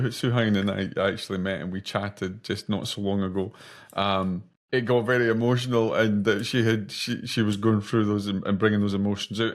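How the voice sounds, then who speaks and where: A man with a Scottish accent hosts an interview podcast in a fairly low voice. He talks casually but leans into dramatic, rhetorical build-ups. He stumbles now and then on fillers and restarts. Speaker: podcast host.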